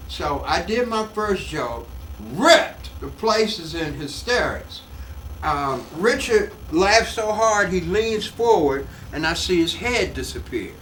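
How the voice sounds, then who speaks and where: An older male comedian telling an animated story in an interview at home, acting out the voices, recorded off-mic in an echoey room. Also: sits high, a little slow, distant mic, slight background noise. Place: his home.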